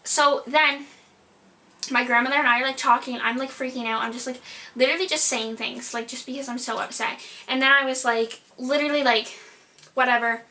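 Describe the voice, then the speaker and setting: A young adult woman tells a storytime vlog tale. Her voice sits a little high and sounds bright and forward. Her delivery rambles and is packed with filler "likes". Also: fairly even intonation, a little fast. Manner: rambling, filler-heavy retelling, lots of "like". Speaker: vlogger.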